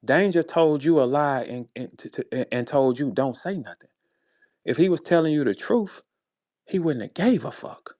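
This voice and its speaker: A man with a St. Louis accent calling out a rival in a heated, profane monologue, tossing in "bro" and "man" and swinging from low muttering to loud high outbursts. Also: lively intonation, moderate pace, no room sound. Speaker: battle rapper addressing a rival. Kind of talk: heated monologue on a live audio space.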